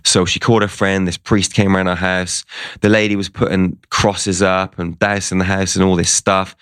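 Male interview guest, low voice, dry close sound, chatty storyteller who acts out the lines people said. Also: fairly even intonation, moderate pace, a bit bright, clear, resonant tone, no echo. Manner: conversational, retells events with quoted dialogue.

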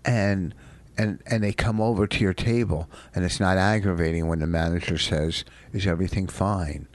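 Grumpy, ranting man with a low voice. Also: fairly even intonation, normal speed, no room sound. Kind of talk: casual chat.

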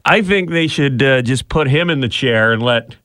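A man's voice: medium pitch, moderate pace, no echo, studio quality. A man hosting a radio show, reading news and leading calls with easy laughing banter. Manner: animated, laughing host patter.

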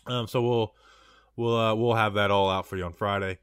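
A man with a lowish voice speaks bluntly and jokes as he runs a casual fan show. The sound is dry and close to the mic. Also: fairly even intonation, moderate pace, fairly bright tone, smooth, no echo. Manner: blunt, joking, wraps up the show. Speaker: sports podcast co-host. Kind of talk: casual chat.

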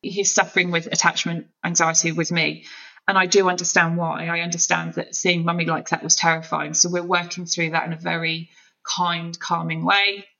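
A woman's voice: lowish voice, level tone, normal speed, creaky, pushed and bright, muffled recording. A woman talking openly and emotionally as a podcast guest, in an open, searching way. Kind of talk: candid conversation.

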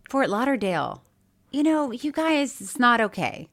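A woman co-hosting a podcast in casual chat, laughing often and talking in a playful, animated way. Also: fairly high pitch, a little slow. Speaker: podcast co-host.

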